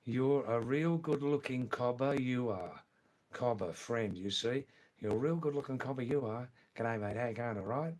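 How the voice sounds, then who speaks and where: A man's voice: medium pitch, animated, close to an everyday voice. A man putting on a cheery, overfamiliar Australian bloke, bantering heartily. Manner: hearty, fast repeated banter.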